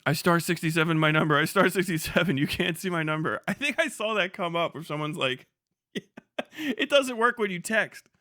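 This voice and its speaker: Bright, mocking young male streamer. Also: on the high side, brisk, dry recording, studio quality. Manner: profane, mocking, laughs often. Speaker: live streamer. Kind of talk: casual livestream commentary.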